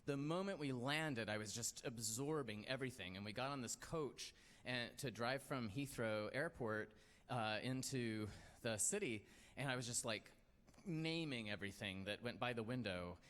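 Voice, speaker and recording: A man's voice: mid-range voice, moderate pace, a bit bright. A man hosting a live storytelling night, telling a personal story in a rambling, self-deprecating way with many fillers. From United States. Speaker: storytelling show host. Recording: long hall reverb.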